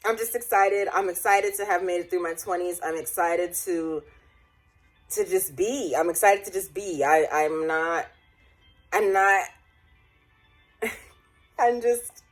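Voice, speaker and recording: A woman's voice: mid-range voice, slow pace, soft background music. A woman in her late twenties talking in a personal, reflective vlog at home. She rambles with many restarts, laughs often and comes close to tears. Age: late 20s. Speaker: vlogger.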